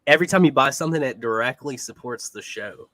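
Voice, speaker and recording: A man's voice: mid-range voice, fast talker, a bit bright, no echo. A man hosting a podcast in casual chat, upbeat as he plugs the show. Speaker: podcast host.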